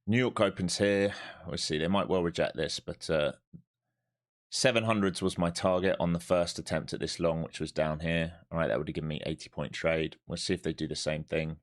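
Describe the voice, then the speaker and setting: A live-streaming day trader talks to his viewers while he trades, thinking aloud over the charts in a blunt, profane way. His voice is low, the tone steady, and he speaks a little fast.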